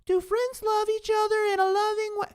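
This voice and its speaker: A man voicing a dopey, naive viewer who asks silly questions in a high, drawn-out, mocking whine. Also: level tone.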